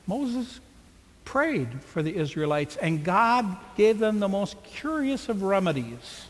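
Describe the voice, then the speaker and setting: A man's voice: sits high, big pitch swings, unhurried, long reverb tail. A man preaching a sermon with dramatic rhetorical questions. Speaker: pastor.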